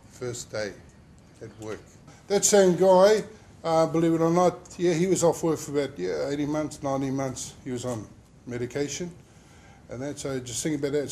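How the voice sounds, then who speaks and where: A man with a slightly high, mellow voice tells an emotional personal story as an injured worker at a workplace safety talk. He rambles and leans on lots of fillers, and there's a faint hiss or hum in the recording.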